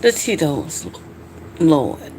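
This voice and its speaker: A woman's voice: deep voice, big pitch swings, drawn-out words, dark tone, a little hiss or hum. A woman hosting a casual late-night livestream, tipsy and hiccuping, chatting loosely with viewers and swearing freely. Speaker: livestream host.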